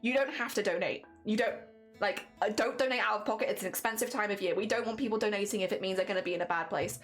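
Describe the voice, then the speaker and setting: Over soft background music, a young woman with a mid-range voice streams a charity fundraiser in a casual chat. She speaks earnestly and a bit tearfully, halting and often restarting her sentences.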